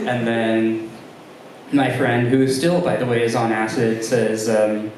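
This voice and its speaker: A young man doing a stand-up comedy set, talking haltingly with many ums and restarts. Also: mid-range voice, flat delivery, a little mellow, far from the mic. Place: comedy club room with a live audience. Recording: very roomy live room sound.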